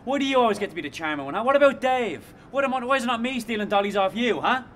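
A man's voice: high-pitched, big pitch swings, very fast, a bit bright, a little hiss or hum. An actor with a Dublin Irish accent playing a resentful young man lashing out at his friend with sweary jabs. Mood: bitter. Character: resentful young Dublin lad, broke and bitter. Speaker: actor in a comedy series. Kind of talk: scripted comedy drama.

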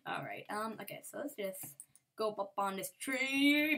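A woman chats loosely over her gameplay in an easy, mid-pitched voice. She rambles and giggles as she goes. Now and then she slips into playful sing-song asides. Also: expressive, slow pace, fairly bright tone. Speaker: gameplay commentator. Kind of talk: casual game commentary.

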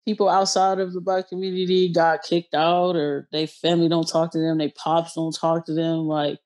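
A woman from Ohio hosting a podcast, telling personal stories in a slangy, blunt, animated way. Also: low voice, moderate pace. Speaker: podcast host. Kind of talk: casual podcast chat.

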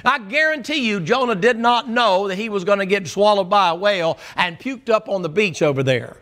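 A man preaching a sermon as the pastor, telling the story in a folksy, animated way. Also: high-pitched, fairly quick.

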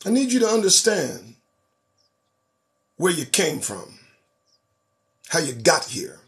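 Animated, preachy man commentator. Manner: animated, preachy and profane, swinging between loud emphasis and low asides. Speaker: host. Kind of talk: political commentary monologue.

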